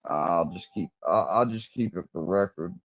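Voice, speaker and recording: A man's voice: deep voice, moderate pace, dry recording. Combative, mocking man on a stream. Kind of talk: heated livestream argument. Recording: dull lo-fi stream audio.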